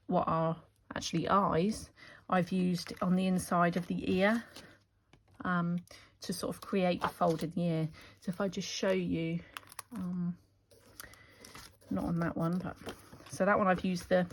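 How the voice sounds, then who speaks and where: A woman chatting enthusiastically as she shows off her craft stamp designs, with fillers and restarts. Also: on the low side. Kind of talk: casual product walkthrough.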